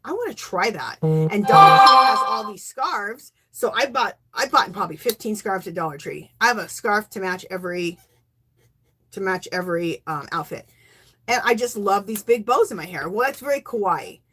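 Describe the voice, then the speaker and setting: A woman hosting a crafting channel, talking in a chatty, rambling, excitable way as she shows off her makes. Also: fairly high pitch, husky. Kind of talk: casual show-and-tell chat.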